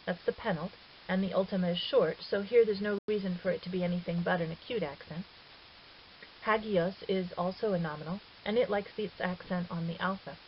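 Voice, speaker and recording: Lower-voiced woman teaching a lesson. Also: fairly even intonation, fairly quick. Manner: patient, methodical, with occasional fillers and self-corrections. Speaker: Greek teacher. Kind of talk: explanatory lesson voice-over. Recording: dull lo-fi recording with faint hiss.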